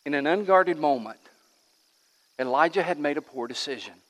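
A man preaching a sermon as pastor in a church, swinging between loud emphatic lines and hushed ones. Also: on the high side, expressive, normal speed. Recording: long reverb of a large hall.

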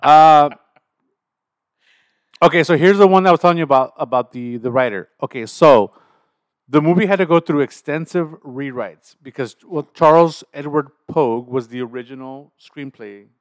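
Man, podcast host, casual chat, teasing, slightly high voice, dry close sound. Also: normal speed, dry recording. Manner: teasing, chatty, reads out film trivia.

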